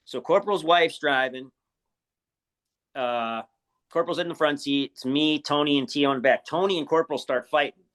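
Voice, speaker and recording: A Chicago-area man in his forties, a wrestler appearing as a guest, speaks in a slightly high, fairly bright voice at a moderate pace. In a casual interview he tells profane stories full of laughter.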